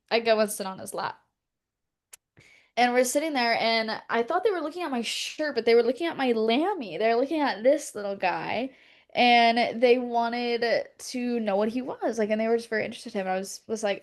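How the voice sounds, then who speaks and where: A young woman with a high voice tells a story in relaxed podcast chat. She acts out each quoted line as she goes, and the talk stays loose and lively. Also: a little fast. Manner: animated storytelling, acting out quoted lines. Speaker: podcast co-host. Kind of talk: casual chat.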